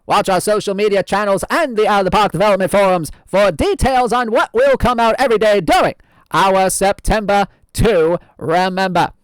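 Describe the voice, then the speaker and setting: A man's voice: high-pitched, clear, resonant tone, no room sound, close to an everyday voice. A man hosting as a show host in a put-on old-timey radio announcer voice, theatrical and drawn out. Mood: folksy. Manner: theatrical, drawn-out, laughs at himself. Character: 1920s radio host, hammy and folksy.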